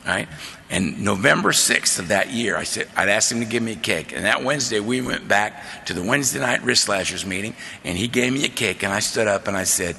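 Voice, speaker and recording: A man speaking at a convention, telling his recovery story in a lively, conversational way, peppering his talk with "man" and "right?". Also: on the low side, creaky, slight background noise. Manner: animated, conversational, drawling asides of "man" and "right?". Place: large convention hall. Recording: long hall reverb.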